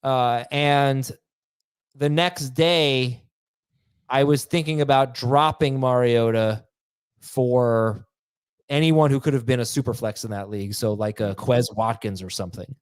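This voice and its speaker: A man hosting a casual podcast chat, reading listener emails aloud and talking in quick, halting bursts. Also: mid-range voice, clean tone, no room sound, studio quality.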